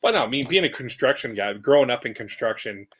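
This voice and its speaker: A middle-aged man hosting a casual chat, telling animated stories about his kids and acting out the quotes. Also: medium pitch, fast talker, husky. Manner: animated storyteller, acts out quotes. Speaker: host.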